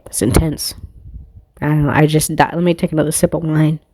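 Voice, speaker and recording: A woman's voice: deep voice, level tone, racing, a little mellow. A woman tarot reader talking in a casual spiritual monologue, rambling and swearing freely, often laughing at herself.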